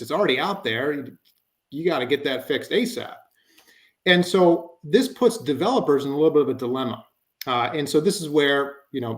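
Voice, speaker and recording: A man giving a conversational webinar presentation, explaining with frequent fillers like "you know" and "um.". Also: fairly high pitch.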